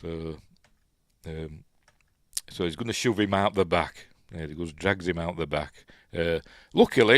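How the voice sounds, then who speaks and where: A man's voice: low voice, no echo, studio quality. A man with a Yorkshire accent casually commenting on a film as he watches it, rambling with many ums and restarts. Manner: plays out the characters' lines in quotes. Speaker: film review host.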